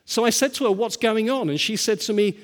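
A man's voice: sits high, fairly quick. A male pastor preaching a sermon and telling stories, often asking the listeners rhetorical questions. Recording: long hall reverb.

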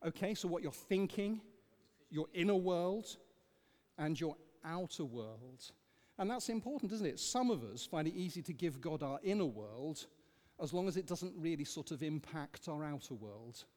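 A man leading an interactive sermon, questioning the congregation in an animated, emphatic way. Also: on the high side, moderate pace. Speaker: preacher leading a Bible study. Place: church. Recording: echoey church hall.

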